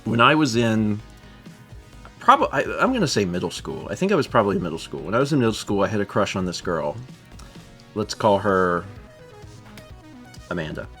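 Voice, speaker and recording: Chatty guy in his 30s, stream co-host, laughs a lot, bright voice, climbs way up when he quotes people. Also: lowish voice, big pitch swings, moderate pace, long pauses, soft background music. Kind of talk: casual storytelling.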